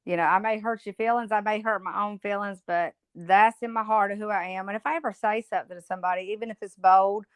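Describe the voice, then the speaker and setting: A woman's voice: medium pitch, steady tone, fast talker, few pauses, clear, resonant tone, no room sound. Blunt woman in her fifties. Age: 50s. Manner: blunt, outspoken storytelling. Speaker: podcast guest, motivational speaker. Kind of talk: casual interview chat.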